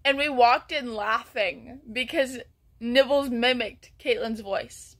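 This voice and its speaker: Bright sharp-voiced woman vlogging, rambly storyteller, um-heavy, slips into whispers. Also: on the high side, slow pace. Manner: rambling, full of ums and restarts, drops to a near whisper at times. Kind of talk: casual storytelling.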